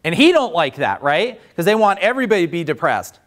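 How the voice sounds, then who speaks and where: A man who runs a business, leading a workshop and telling stories in a lively, chatty way, acting out the other people's voices. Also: sits high, quick pace. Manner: animated, chatty, acts out voices. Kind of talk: storytelling in a workshop.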